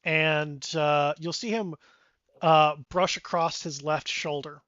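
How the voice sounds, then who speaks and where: A man narrating a tabletop game as game master, animated with sound effects. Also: fairly high pitch, takes it slowly, no room sound, dull audio.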